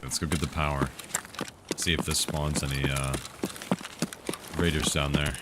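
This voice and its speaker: A man's voice: a bass voice, level tone, measured pace, very noisy. A man casually streaming a game, chatting and answering viewers' tech questions while he plays. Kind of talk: casual live-stream commentary.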